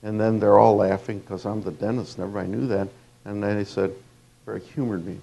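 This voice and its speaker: A man lectures on anatomy in a low, darkly mellow voice with a gravelly edge. He talks loosely and conversationally, breaking off into stories with fillers and restarts. It sounds like a teacher speaking to a room of students. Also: a little fast. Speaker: dental lecturer.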